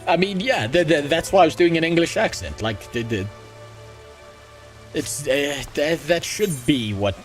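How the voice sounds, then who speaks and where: A male game streamer chatting casually while he plays. His voice sits fairly high for a man, and he rambles along crudely and jokily, with frequent restarts. Faint music plays behind him. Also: animated, a little slow. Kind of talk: casual gaming stream chat.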